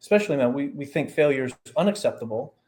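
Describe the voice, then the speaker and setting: A man, a performance coach guest on a podcast who explains ideas through lively stories and examples. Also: mid-range voice, fast talker. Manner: animated storyteller, explains with examples and asides. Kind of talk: casual podcast conversation.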